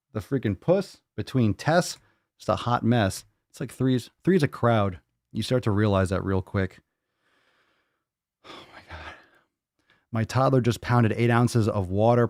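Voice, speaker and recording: A man hosting a podcast, joking and swearing loudly with a very lively, bouncing delivery. The sound is dry and close to the mic, with no room echo. His speaking pitch sits in the middle for a man. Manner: loud, profane, joking, talks baby-talk to his cat. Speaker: podcast host. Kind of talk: casual livestream podcast chat.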